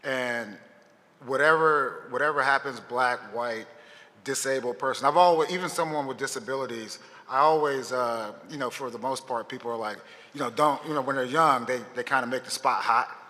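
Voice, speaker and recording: A man, a football head coach, answering a press question in a halting way, searching for his words. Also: medium pitch, pushed and bright. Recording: long reverb of a large room.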